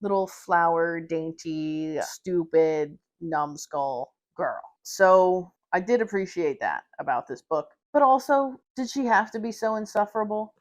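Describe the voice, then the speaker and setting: A young woman giving a casual, opinionated book review to camera, sarcastic and swearing freely, often mocking characters in exaggerated voices. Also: fairly low pitch. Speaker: book vlogger.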